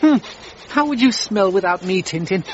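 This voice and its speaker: An actor voicing a small, cheeky talking dog in a cartoon, sniffing around and making wisecracks. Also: male voice, sits high, expressive, moderate pace, lo-fi sound, slight background noise. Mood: teasing.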